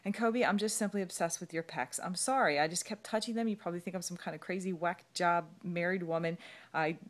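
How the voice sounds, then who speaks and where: A woman's voice: lowish voice, brisk. A middle-aged woman giving an emotional, gushing thank-you message to her team, full of ums and on the edge of tears. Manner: gushing and effusive, many ums, voice rising and cracking near tears.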